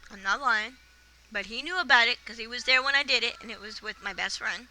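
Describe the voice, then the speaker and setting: A woman's voice: a little high, fairly quick, sharp tone, a little hiss or hum, low-quality recording. A woman, telling blunt, indignant stories in a casual vlog rant. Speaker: vlogger.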